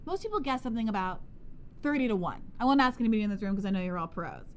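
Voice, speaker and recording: A woman's voice: medium pitch, expressive, rapid-fire, a little hiss or hum. A young woman on a campaign livestream panel, explaining policy earnestly and laughing readily. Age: young adult. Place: campaign office event room.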